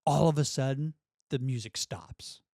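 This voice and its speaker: A middle-aged man telling a story as a guest, in a dry studio, animated and laughing often as he acts out quotes. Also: medium pitch, a little slow, no room sound. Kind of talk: storytelling in a podcast conversation.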